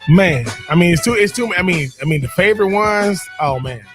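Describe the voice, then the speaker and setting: A man's voice: sits high, lively intonation, a little fast, over music. A man, co-hosting a radio show, telling stories in a casual chat with frequent repeats and laughs. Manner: repeats words and restarts, laughs often.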